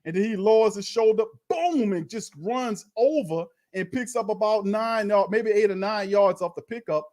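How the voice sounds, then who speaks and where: Guy calling the game for his chat, hyped and slangy, kinda high voice. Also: moderate pace, hardly any pauses. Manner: animated, slangy, talks to chat. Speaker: fan host doing live play-by-play. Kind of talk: excited watch-party commentary.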